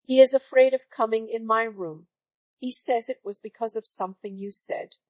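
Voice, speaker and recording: A woman's voice: a little high, normal speed, darkish tone, no echo, lightly acted, rough recording. Bossy entitled aunt, read by a synthetic woman's voice. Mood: demanding. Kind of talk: scripted story reading.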